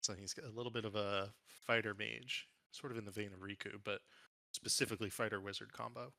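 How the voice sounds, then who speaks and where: Guy game master for a tabletop game, bright tone, dry close sound, kinda hesitant thinking out loud. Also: lowish voice, steady tone, brisk, gravelly, no echo. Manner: thinks aloud, casual and hesitant.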